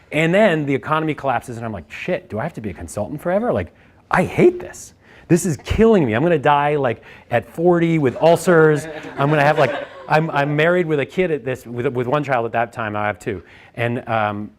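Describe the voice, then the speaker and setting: A man in his thirties, a founder giving a candid storytelling talk, animated and profane, his voice jumping up when he relives his frustration. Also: fairly low pitch.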